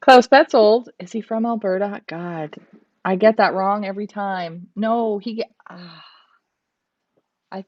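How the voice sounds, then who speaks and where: A woman co-hosts a casual livestream, greeting viewers and teasing her partner. Her voice sits at a mid pitch and sounds a bit dull and lo-fi. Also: slow pace. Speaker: co-host.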